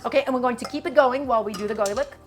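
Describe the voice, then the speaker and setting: A woman's voice: a little high, racing. A woman hosting a cooking stream, chatting casually and playfully to her viewers as she cooks. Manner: chatty and playful, often says "my friends".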